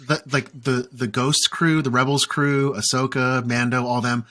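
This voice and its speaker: A man co-hosting a relaxed fan podcast, chatting with friends. He talks in an animated way and laughs often, trailing off into fillers. His voice sits at an average pitch. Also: measured pace. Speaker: podcast co-host. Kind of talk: casual chat.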